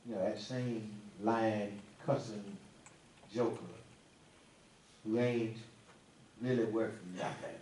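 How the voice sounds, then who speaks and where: A man preaching a sermon to a congregation, folksy and animated, teasing people in the pews. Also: fairly low pitch, slow, pauses often, a little hiss or hum. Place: church sanctuary. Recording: echoey room, mic at a distance, faint ambience.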